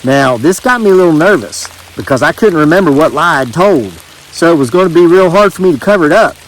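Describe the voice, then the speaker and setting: A man's voice: on the high side, lively intonation, a little fast, a little hiss or hum, low-quality recording. A man reads a story aloud outdoors in the rain, in a folksy, joking drawl. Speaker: homesteading channel host.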